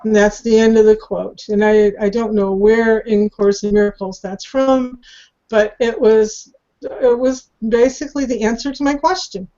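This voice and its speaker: Candid, higher-voiced woman sharing. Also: fairly even intonation, normal speed, warm tone, muffled recording. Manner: candid, earnest and searching. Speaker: circle participant. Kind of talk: casual spiritual sharing.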